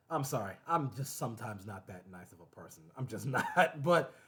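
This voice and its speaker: A man hosting his own show, talking casually and animatedly to the camera, repeating phrases and breaking into laughter. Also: mid-range voice. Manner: animated, repetitive, laughing asides. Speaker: show host.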